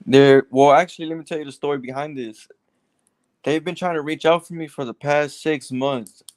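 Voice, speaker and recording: A man's voice: on the high side, steady tone, moderate pace, a little mellow, no echo. A man seeking advice, telling his story at length with restarts. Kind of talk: casual conversation.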